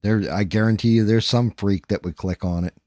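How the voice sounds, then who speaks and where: A man with a New Jersey accent, hosting a casual live stream while painting, talking fast, rambling and swearing. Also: lowish voice, steady tone, warm tone, dry recording, studio quality. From New Jersey, USA.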